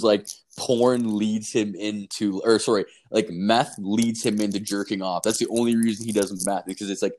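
A man's voice: lowish voice, darkish tone. A young man from Canada telling rambling stories in casual chat, full of swearing and fillers.

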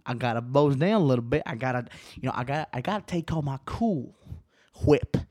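A man in his twenties talking alone on his podcast, rambling and swearing, restarting sentences, swinging between quiet musing and riled-up ranting. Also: mid-range voice, expressive, fairly quick, no room sound, studio quality. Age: 20s. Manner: profane, rambling, restarts often. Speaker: solo podcaster.

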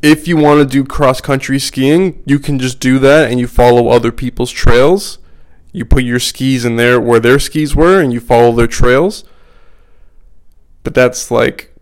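Smooth-voiced man, blunt podcast monologue. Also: mid-range voice, steady tone, measured pace. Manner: blunt, profane, emphatic with repetition. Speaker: podcast host. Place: at home.

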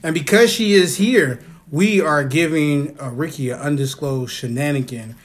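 Male podcast host, slightly higher voice, relaxed joking delivery with lots of laughs. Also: normal speed. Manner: loose, joking, swearing, laughs often. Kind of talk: casual podcast chat. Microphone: phone.

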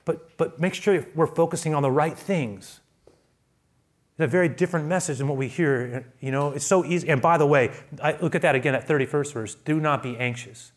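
A man preaching a sermon as pastor, who often restarts his phrases and swings between quiet asides and loud, raised emphasis. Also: brisk. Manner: builds to loud, high-pitched emphasis, then drops to quiet asides; repeats words and restarts phrases.

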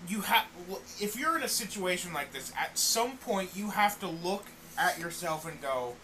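A man's voice: high-pitched, lively intonation, moderate pace, pushed and bright, a little hiss or hum, low-quality recording. A man co-hosting a podcast in casual chat, thinking aloud and repeating words as he restarts sentences. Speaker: podcast co-host. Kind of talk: casual chat reviewing wrestling.

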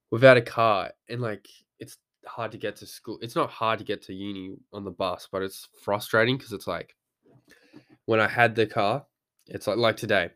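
A man's voice: fairly low pitch, a bit bright, clean tone. A young man, talking casually as a podcast host, rambling and swearing freely as he acts out his own thoughts. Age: young adult. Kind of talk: casual monologue.

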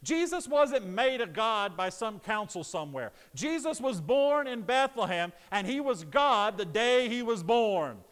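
A man preaching a sermon to his congregation, moving from calm teaching into loud, emphatic preaching. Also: sits high, unhurried, few pauses. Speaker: pastor. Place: church sanctuary. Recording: long reverb of a church hall.

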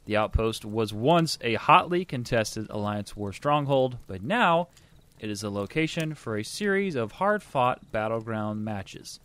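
A man's voice: mid-range voice, animated, measured pace, fairly bright tone, smooth. Upbeat man reading gaming news. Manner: reads news aloud, chatty and upbeat. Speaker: podcast co-host. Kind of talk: casual gaming podcast chat.

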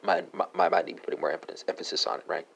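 A man hosting a solo language lesson, halting with many fillers as he spells out verb forms letter by letter. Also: deep voice, fairly even intonation, creaky, a bit bright, husky. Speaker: language podcast host.

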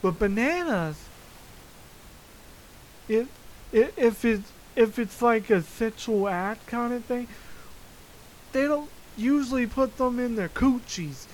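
A podcaster delivers an unhurried, swear-filled rant about everyday chaos, chuckling every few lines. The voice sits at a middling pitch and keeps a loose, storytelling rhythm. A faint hiss runs under the recording. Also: low-quality recording. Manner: profane, frequently laughing, animated storytelling. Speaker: podcast host. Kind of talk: casual solo rant. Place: Florida.

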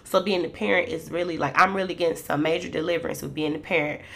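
Chatty woman with a gravelly voice. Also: low voice, steady tone, fast talker, fairly bright tone. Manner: chatty and candid, addresses listeners as "y'all". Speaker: mother sharing reflections. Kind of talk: casual faith-based talk.

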